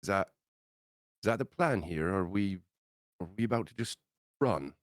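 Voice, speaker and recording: A man's voice: low voice, expressive, normal speed, dry recording, clean studio sound. A man playing a tabletop role-playing game, thinking aloud with hesitant fillers. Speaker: player. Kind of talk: casual tabletop game chat.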